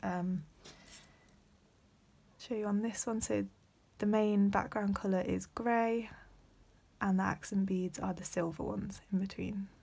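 A young woman presents a beading tutorial in steps, her soft voice often sinking to a whisper and sprinkled with ums. She's unhurried, with a mid-range, creaky, husky voice and fairly even intonation.

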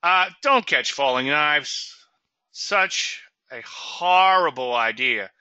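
A man's voice: fairly high pitch, expressive, takes it slowly, sharp tone, clean tone, dry recording, lo-fi sound. A middle-aged man from Louisiana giving trading commentary in a chatty webinar, with sarcastic asides and a habit of tagging "okay?" onto points.

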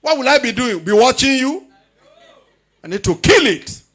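A middle-aged man, preaching a charismatic sermon loudly and often shouting. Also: very high voice, very animated, normal speed, slightly rough. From Nigeria. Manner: loud preaching with frequent shouting. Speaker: pastor.

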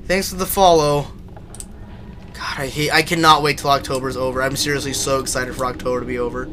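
A man's voice: medium pitch, fairly even intonation, a little fast, background noise. A young man live-streaming a horror game, swearing, yelping in fright and chatting to his viewers. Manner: jumpy, swears and yelps in fright, then chats to viewers.

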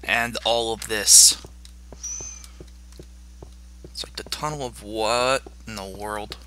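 A man's voice: lowish voice, fairly even intonation, slow, sharp tone, a little hiss or hum. A man giving chatty video game commentary, joking and talking to the monsters in the game. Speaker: gamer.

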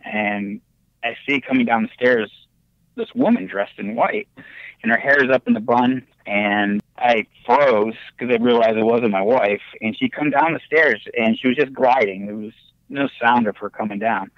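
An excitable man spins his haunted-house tale on a podcast, his voice leaping up high at every twist. The line sounds dull and lo-fi, with no room echo at all. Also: normal speed. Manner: animated, excitable storytelling with big pitch jumps. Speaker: podcast guest. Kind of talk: casual storytelling on a podcast. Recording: dull, lo-fi remote audio.

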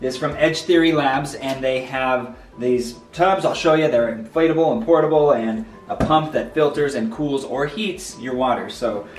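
A man's voice: mid-range voice, moderate pace, hardly any pauses, faint music behind. A man in his thirties, a researcher and family vlogger, chatting easily at home and in the backyard and explaining things with jokes. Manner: easygoing and joking, explains things plainly. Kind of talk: casual chat with explanations.

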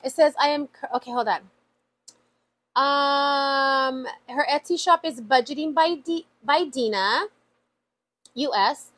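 High-voiced chatty woman vlogger. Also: takes it slowly, pauses often, a bit bright. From USA. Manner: chatty and emotional, many fillers like "like" and "y'all". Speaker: vlogger opening mail. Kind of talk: casual chat.

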